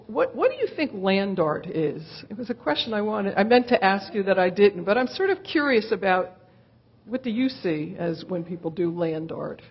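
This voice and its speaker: A woman's voice: fairly low pitch, breathy edge, lo-fi sound. A woman interviewing an artist onstage, asking long, thoughtful questions that search for words with many fillers. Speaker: interviewer, curator. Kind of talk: live onstage conversation.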